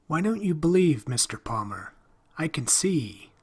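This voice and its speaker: A man's voice: a little high, very animated, a little slow, slightly rough, voice pushed up, full character voice. A man voicing an eerie young boy with shining eyes, rising to frightened screams.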